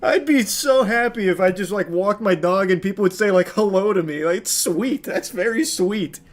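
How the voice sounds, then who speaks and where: A man's voice: sits high, expressive, normal speed. A man giving casual reaction commentary with sarcastic jokes and laughing asides.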